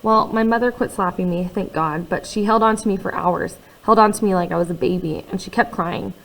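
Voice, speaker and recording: A woman narrating a first-person novel in a quiet, confiding way, with conversational asides to the listener. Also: on the low side, brisk, poor audio. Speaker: audiobook reader.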